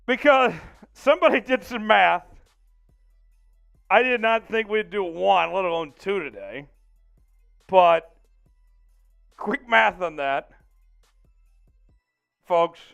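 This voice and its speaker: Excitable man hosting a sports livestream. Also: sits high, vocal fry, smooth. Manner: excitable, reads out super chats, laughs often. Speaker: livestream host. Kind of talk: casual livestream chat.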